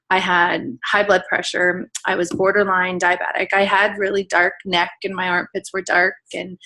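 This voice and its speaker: A woman in her thirties with a fairly low, slightly bright voice. She's a guest speaker on a team call, sharing an earnest, emotional personal testimony in casual speech full of fillers.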